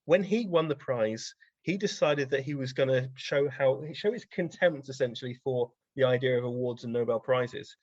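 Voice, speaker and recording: A man tells casual stories as a podcast guest, rambling along and peppering his talk with ums. His voice sits at an ordinary middle pitch. The recording is dry and a little dull, with no room sound. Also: normal speed, darkish tone, no echo. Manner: rambling, anecdotal, frequent ums. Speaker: guest science writer. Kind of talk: casual interview storytelling.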